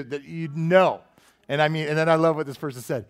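A man preaching a sermon with a voice pitched a little above most men's. He is animated and talkative, often throwing questions to the congregation and acting out quotes, sometimes with sudden shouts. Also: fast talker. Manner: animated preaching with call-and-response asides to the congregation. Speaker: pastor.

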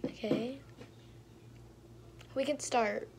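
A young woman with a high voice commentates her game in an unhurried, drawn-out way. She sounds exasperated and talks to herself, often sinking into mumbles. Faint noise hums under the recording. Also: animated, darkish tone. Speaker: gaming streamer. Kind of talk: casual gameplay commentary.

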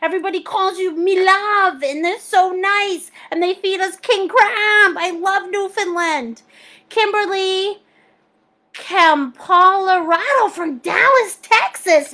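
Very high, bright-voiced bubbly woman. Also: slow pace. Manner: bubbly, laughs often, calls people sweetie and honey. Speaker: art teacher hosting a live paint class. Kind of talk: live-stream chat, reading viewer comments aloud.

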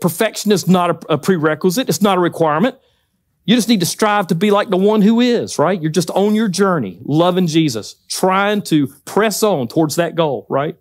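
A man preaching a sermon to his congregation in a church, passionate and excitable, speaking straight to the people in front of him. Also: high voice. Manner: talks directly to the congregation. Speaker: pastor. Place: church sanctuary.

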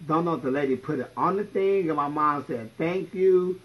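A sassy man tells stories bluntly into his phone. His voice is husky and sits a little high for a man. The audio is slightly muffled. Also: moderate pace. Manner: sassy, blunt, profane, story-telling. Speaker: drag performer livestreaming. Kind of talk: casual livestream storytelling.

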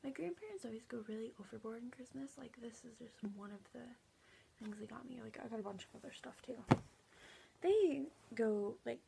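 Chatty young woman with gravelly voice. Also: on the high side, animated, brisk, background noise. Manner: chatty, rambling with many fillers. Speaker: vlogger. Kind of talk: casual haul vlog.

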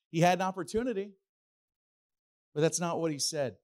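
A middle-aged man preaching a sermon as pastor, animated and playful, slipping into acted asides. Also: a little high, normal speed, long pauses.

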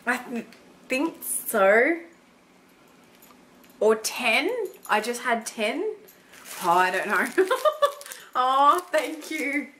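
A young woman excitedly unboxing gifts for her vlog, gasping and gushing with delight. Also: on the high side, very slow, long pauses, slight background noise. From Australia. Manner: gushing, gasping, lots of "oh my God". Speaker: beauty vlogger.

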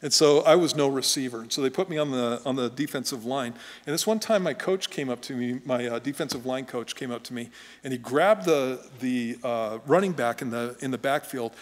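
In a church sanctuary with long reverb, a middle-aged male pastor gives a conversational sermon full of folksy storytelling. His voice is medium in pitch and his pace brisk.

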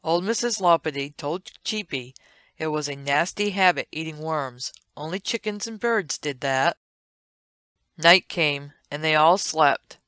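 A woman narrating an old comic strip as a read-along storybook, with a gentle, sing-song delivery and playful asides. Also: sits low, a little slow, no echo, clean studio sound.

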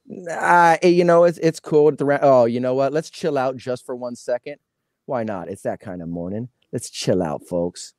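A man's voice: mid-range voice, normal speed, warm tone. A laid-back man hosting a live card box break, chatting casually in slang. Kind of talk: casual live-stream chat.

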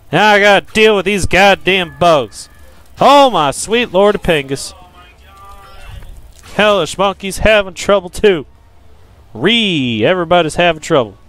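A young man giving profane, frustrated gameplay commentary, yelling at enemies and joking with viewers. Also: sits high. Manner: jokey self-promotion to viewers. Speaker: let's play gamer.

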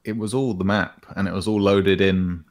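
Brief: laid-back male co-host with a lowish voice, rambling casual gaming talk. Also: moderate pace. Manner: relaxed, rambling, lots of fillers and "man", "bro". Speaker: podcast co-host.

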